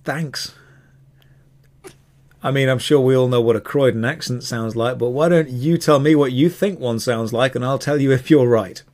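A man's voice: medium pitch, moderate pace, a little mellow. A man narrating a tabletop game as dungeon master, playful and teasing.

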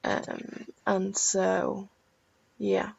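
Tired, croaky woman rambling softly. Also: medium pitch, completely flat delivery, very slow, no echo, highs cut off. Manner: rambling, soft-spoken with many ums. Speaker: gaming YouTuber. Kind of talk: casual gameplay commentary. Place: home at night with family asleep.

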